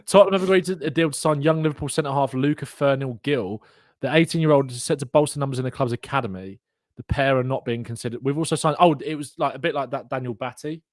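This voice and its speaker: Excitable lad, dry mic. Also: male voice, medium pitch, quick pace, dry recording. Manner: excitable, laughing, plugs channels. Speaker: podcast host. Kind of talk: live casual fan chat.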